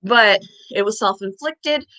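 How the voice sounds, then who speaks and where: A woman's voice: medium pitch, a little slow, bright, forceful tone, rough recording. A woman vlogger chatting casually to the camera, telling a long story in a rambling way and sometimes out of breath. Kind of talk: casual chat.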